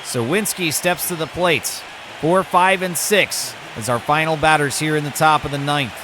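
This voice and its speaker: A man's voice: on the high side, moderate pace, background noise. Man doing playful game play-by-play. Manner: mock broadcaster calls mixed with muttered asides. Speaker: gaming YouTuber. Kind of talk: video game play-by-play commentary.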